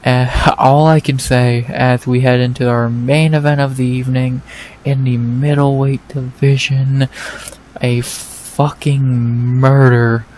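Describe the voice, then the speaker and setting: A man hosting an MMA fight recap in a casual, excited way, swearing often and repeating himself. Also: mid-range voice, measured pace, a little hiss or hum, low-quality recording.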